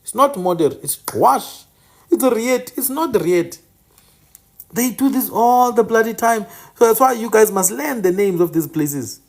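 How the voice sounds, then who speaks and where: A man's voice: high-pitched, animated, normal speed, vocal fry, few pauses. Insistent man teaching. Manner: emphatic, corrects names insistently and repeats them. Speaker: channel host teaching indigenous place names. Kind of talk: informal teaching monologue.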